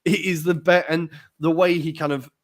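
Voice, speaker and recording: A man's voice: a little high, moderate pace. Chatty man talking football. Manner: animated, chatty, swears casually. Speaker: podcast co-host. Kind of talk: casual football chat.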